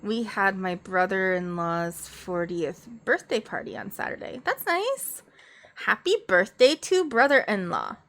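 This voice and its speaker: A woman's voice: medium pitch, expressive, unhurried, a bit bright. A young woman streamer chatting casually from home into a desk mic, rambling and laughing easily. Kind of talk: casual chat.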